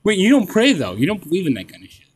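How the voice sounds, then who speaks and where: A man's voice: high voice, huge pitch swings, racing, slightly rough, no room sound. A young man co-hosting a sports podcast, needling and teasing his friend in casual chat. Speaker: podcast co-host.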